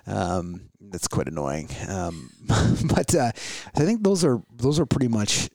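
A man's voice: on the low side, animated, takes it slowly, creaky, darkish tone, dry recording. A middle-aged man hosting a podcast, talking casually in a loose, rambling way with many fillers and restarts. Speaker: podcast host. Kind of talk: casual conversational chat.

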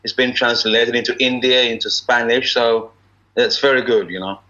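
A middle-aged actor, telling stories as a podcast guest in casual chat and slipping into pidgin. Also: male voice, mid-range voice, normal speed, muffled recording. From Nigeria. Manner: animated storyteller, slips into pidgin, chuckles often. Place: at home abroad, remote call.

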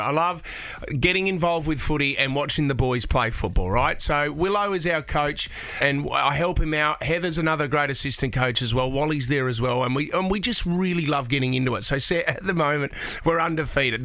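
Bright-voiced radio host. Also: male voice, a little high, no room sound. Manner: lively, emphatic, asks "right?" often. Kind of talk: animated storytelling on a radio show.

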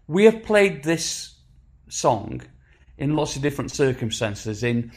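A man in his sixties with a Sheffield accent, telling stories in a casual chat with lively acted-out quotes and frequent restarts. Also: mid-range voice, measured pace. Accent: Sheffield English. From England. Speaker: musician guest.

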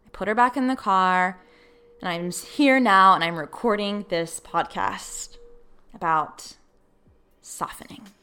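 Bright, crisp-voiced woman podcast host. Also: medium pitch, unhurried. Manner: animated, acts out her own past thoughts, laughs easily. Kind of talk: casual solo podcast storytelling.

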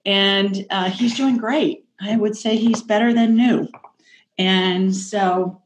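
A woman's voice: mid-range voice, steady tone, takes it slowly, slight background noise. Chatty upbeat woman hosting a call-in show. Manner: chatty, upbeat, self-joking. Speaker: radio show host and psychic. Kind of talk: casual call-in show chat. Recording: roomy echo.

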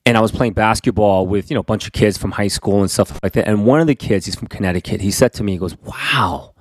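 Low-voiced man, dry close sound. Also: fast, a little mellow, no room sound. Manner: affirming listener, reflective and encouraging. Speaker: co-host. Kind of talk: casual conversation.

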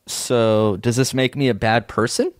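A man's voice: medium pitch, steady tone, measured pace, no room sound, clean studio sound. A man co-hosting a comedy advice podcast, goofy and joking, swearing casually into a microphone. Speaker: podcast co-host.

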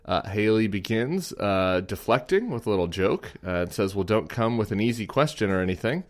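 A man hosting a political podcast, chatting casually and reading out quotes with animated laughs. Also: lowish voice, a little fast. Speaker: podcast host.

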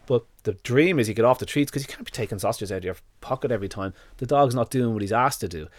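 Irish male guest, rapid and lively storyteller, blunt and earthy, dry close sound. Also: mid-range voice, dry recording. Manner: animated storyteller who acts out little scenes. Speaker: dog nutritionist guest. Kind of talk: casual podcast chat.

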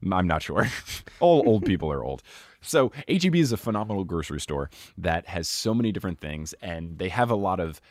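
A man's voice: sits low, sing-song, a little fast, a little mellow, dry recording. A man hosting a casual podcast, explaining things at length with frequent laughs. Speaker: podcast host.

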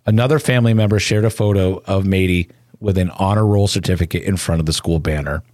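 A man narrating a somber news report in a solemn, measured way. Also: deep voice, a little mellow, no echo, clean studio sound.

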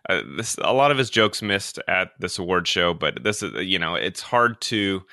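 Man, casual celebrity chat, low voice, bright edge, dry studio. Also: animated, normal speed, no room sound. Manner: recaps stories, searching for details with fillers. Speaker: co-host.

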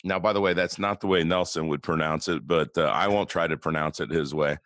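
A man with a low voice and a West Coast American accent chats casually as a podcast co-host. He often leans on rhetorical questions. The sound is dry and close, with no room around it. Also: a little fast, fairly bright tone, no echo. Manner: conversational, asks rhetorical questions.

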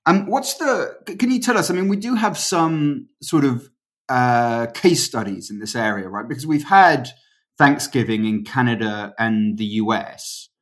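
A man's voice: medium pitch, unhurried. Male host, casual interview; wry, jokey, loose with swearing. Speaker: podcast host.

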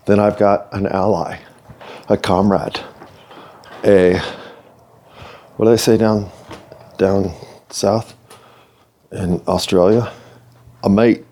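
A man's voice: on the low side, flat delivery, slow pace, long pauses, dark tone. A middle-aged American man hosting his own video series, talking earnestly to the camera with playful asides. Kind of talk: reflective monologue to camera.

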